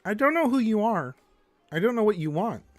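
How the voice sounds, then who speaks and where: A man voicing a nasal, high-pitched frog puppet as a comic impression on a live stream, with a strained falsetto tone. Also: big pitch swings, a little fast, no room sound, faint music behind. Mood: menacing.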